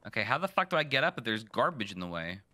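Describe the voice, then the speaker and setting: A young man streaming a horror game, swearing and joking with loud reactions. His voice is very bright and his pitch swings a lot, recorded dry on a close mic. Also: very animated, fast talker, no room sound. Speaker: gaming streamer. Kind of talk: casual let's-play commentary.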